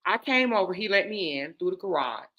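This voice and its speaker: A woman host, casually telling a personal story in a candid, emphatic way, moving between hushed asides and loud stresses. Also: on the low side, expressive, brisk, highs cut off.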